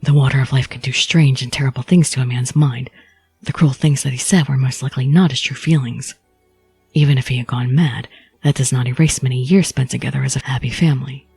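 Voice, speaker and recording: A woman voicing a reserved young male swordsman in a low, flat, formal manner. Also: a little fast, gravelly, breathy edge, faint music behind, exaggerated voice. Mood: stern, reserved.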